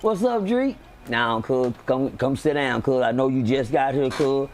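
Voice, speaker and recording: A man voicing his old friend from prison, a calm and protective man with a lower voice. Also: measured pace, close to an everyday voice.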